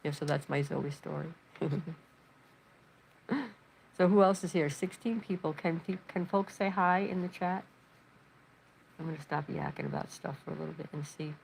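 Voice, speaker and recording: Low, gravelly-voiced woman chatting. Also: darkish tone, a little hiss or hum, low-quality recording. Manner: rambling, chatty storytelling; reads chat messages aloud. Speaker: livestream host. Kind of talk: casual livestream chat. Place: her living room.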